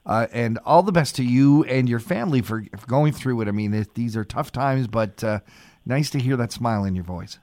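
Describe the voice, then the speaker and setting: A man's voice: medium pitch, moderate pace, a little mellow, no room sound. A man hosting a morning radio talk show, upbeat and friendly with his guest.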